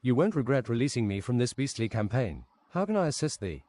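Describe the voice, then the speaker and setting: A man's synthetic voice voicing an ancient sealed-away kung fu master, formal and flat. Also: mid-range voice, a little fast, no room sound, close to an everyday voice.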